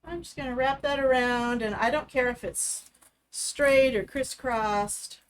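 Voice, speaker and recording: A woman talking through a craft project step by step, relaxed and chatty. Her voice sits a little high, with a faint hiss of room noise behind her. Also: measured pace. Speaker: craft host. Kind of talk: live craft demonstration.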